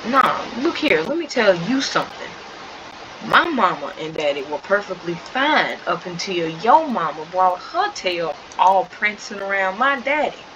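A woman voicing a fiery young woman who loudly scolds her half-sister. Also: medium pitch, big pitch swings, measured pace, muffled recording, background noise. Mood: furious. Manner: loud, indignant and scolding.

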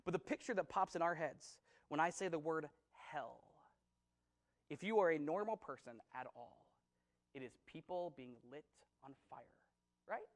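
A man's voice: on the high side, animated, normal speed, rough recording. A man preaching a sermon as pastor, conversational and emphatic, often repeating himself for stress.

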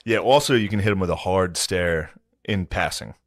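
Man, low voice, dry close mic, laid-back podcast banter, deadpan. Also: normal speed, no echo. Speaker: podcast co-host. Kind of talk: casual chat.

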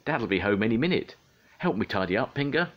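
An older man reading a storybook aloud, voicing a naughty little boy penguin in a high, excitable voice. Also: moderate pace, lo-fi sound. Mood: hurried. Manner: squeaky, excitable child voice.

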